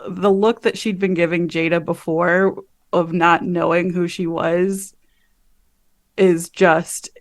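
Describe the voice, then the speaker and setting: A woman player in a tabletop role-playing game, describing her character's actions in a casual, halting way with many fillers. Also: on the low side, little pitch movement.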